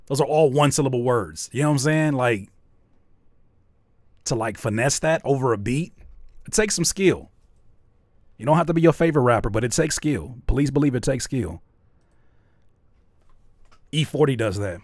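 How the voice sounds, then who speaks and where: A man's voice: mid-range voice, animated, moderate pace, pauses often, no room sound, studio quality. Laid-back slangy man making beats. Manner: loose, slangy, playful, often laughs. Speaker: rapper and music producer. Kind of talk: casual chat while making a beat live.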